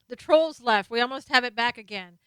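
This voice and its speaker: Hosting a live stream, a woman talks politics in a relaxed way, reading out and responding to viewer chat. Her voice is fairly high, a bit bright and clean, at a moderate pace, with no room sound.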